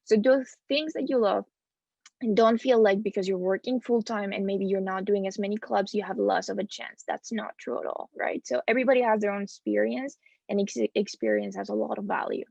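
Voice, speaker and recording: Spanish-accented woman with a gravelly edge. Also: medium pitch, fairly even intonation, a little fast, a little mellow, dry recording. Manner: earnest, encouraging, emphatic. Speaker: student panelist. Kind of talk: panel advice. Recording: dull, muffled dry sound.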